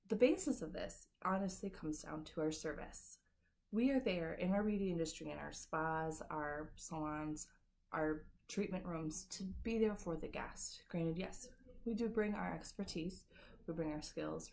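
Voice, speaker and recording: A woman's voice: fairly low pitch, gravelly, mellow, a little hiss or hum. A woman working as a beauty industry coach, giving a casual, upbeat talk to camera with lots of "like" and "kinda". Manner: chatty and upbeat, full of "like" and "kinda".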